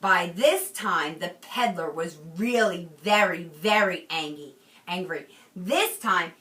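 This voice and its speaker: A woman teacher reading a picture book aloud to a class with expression, pausing often to ask the children questions, recorded in a roomy space from a distance. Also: mid-range voice, very animated, a bit bright.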